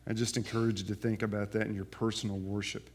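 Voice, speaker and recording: A man preaching a sermon, reading scripture aloud and dropping to quiet, earnest asides to explain it. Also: on the low side, flat delivery, fast talker. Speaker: pastor.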